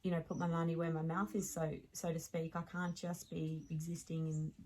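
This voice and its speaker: A woman's voice: sits low, slight background noise, poor audio. Chatty Australian woman telling stories. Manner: animated storyteller, laughs often, quick restarts. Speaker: podcast guest. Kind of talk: casual interview chat.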